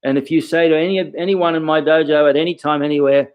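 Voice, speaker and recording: A man's voice: fairly high pitch, steady tone, fast talker, hardly any pauses, clean tone, muffled recording. A man, a karate instructor giving casual teaching advice, peppering his talk with questions and "okay".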